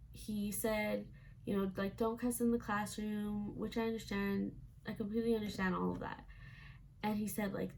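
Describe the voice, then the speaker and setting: A woman's voice: mid-range voice, gravelly, darkish tone, a little hiss or hum. A young woman vlogger telling a casual storytime, chatty and full of "like" fillers, acting out quoted lines.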